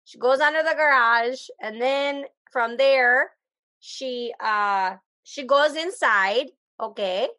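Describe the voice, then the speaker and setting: A woman's voice: high voice, slow pace, pushed and bright. A woman co-hosting a casual chat, talking in a playful, joking way.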